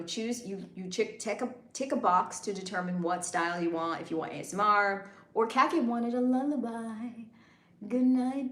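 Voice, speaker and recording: A woman's voice: mid-range voice, reverberant. A woman hosting a casual livestream, hyped and chatty, talking straight to her viewers. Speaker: livestream host and content creator. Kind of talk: casual live chat.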